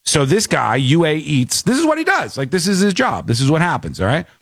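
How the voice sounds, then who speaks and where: Lively man hosting a podcast. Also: a little high, fairly quick, creaky, breathy edge, dry recording, clean studio sound. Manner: animated, mocking impressions. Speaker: podcast host. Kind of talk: casual commentary on a viral clip.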